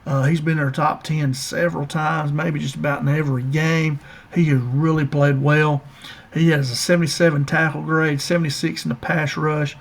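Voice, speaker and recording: A man running through his team's top players in a casual, folksy rundown. He is enthusiastic and addresses his viewers directly, and his voice sits a touch higher than most men's. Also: creaky. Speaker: college football fan commentator. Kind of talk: casual sports breakdown.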